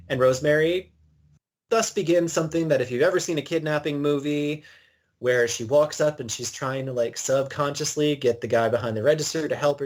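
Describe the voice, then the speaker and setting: A man co-hosting a podcast, recapping an episode in an animated, storytelling way and acting out bits of dialogue. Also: a little high, brisk. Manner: animated storyteller, acts out quotes. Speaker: podcast co-host.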